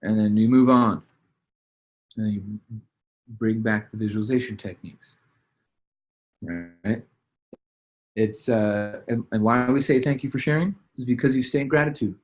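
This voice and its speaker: A man's voice: fairly low pitch, measured pace, long pauses, a little mellow, highs cut off. A man giving a casual motivational training talk about business habits, with loose fillers and restarts. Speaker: business coach. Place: at a desk, writing as he talks.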